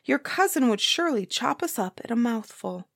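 A woman's voice: fairly high pitch, big pitch swings, moderate pace, gravelly, a bit bright, dry recording, clean studio sound, pitched above the performer's own voice, heavily acted. Young fairytale prince, earnest and a little anxious, voiced by a woman. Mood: alarmed.

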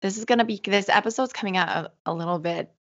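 A woman co-hosting a podcast in casual, excitable chat, her voice a little hoarse from illness, laughing often. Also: medium pitch, fast, lo-fi sound. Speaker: podcast co-host.

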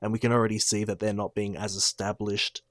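A man with a fairly low voice, discussing a film in a thoughtful way. The recording is dry and close. He lays out each point step by step. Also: flat delivery, fairly quick, dry recording. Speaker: film podcast co-host. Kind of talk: casual film review chat.

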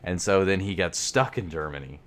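A man's voice: low-pitched, animated, a little fast. A man co-hosting a podcast in casual chat, reading ad copy with playful emphasis and laughing often. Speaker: podcast co-host.

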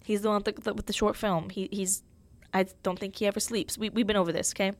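A young woman hosts her own podcast solo, chatting casually with plenty of fillers and self-mocking humor. Her mid-range voice comes out flat, and she talks fast.

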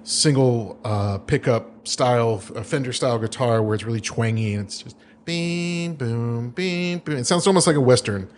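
A man's voice: mid-range voice, fairly quick, few pauses, a little mellow, a little hiss or hum. A man hosting a casual podcast, explaining history and humming beat sounds as he goes. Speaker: podcast host.

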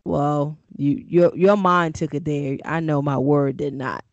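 A man with a slightly high, gravelly voice co-hosts a casual podcast in animated banter. The sound is dry and dull, like a lo-fi close mic. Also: measured pace, dry recording. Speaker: co-host.

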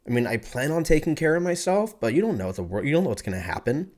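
A man's voice: fairly high pitch, big pitch swings, fast talker, darkish tone. A man in his thirties from California, telling a rambling, profane story in a laid-back, self-mocking way. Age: 30s. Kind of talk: casual storytelling monologue.

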